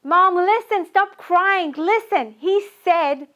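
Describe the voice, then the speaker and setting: A woman's voice: high-pitched, expressive, takes it slowly. A woman from Iran, performing a first-person monologue in the voice of her younger self, plaintive and repetitive. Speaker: storyteller.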